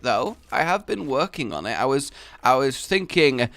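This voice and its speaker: Young gaming host, bright and animated, exasperated ranting commentary. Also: male voice, medium pitch, normal speed, creaky, dry recording. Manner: animated, exasperated rambling with outbursts. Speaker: gaming YouTuber. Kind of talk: let's play commentary.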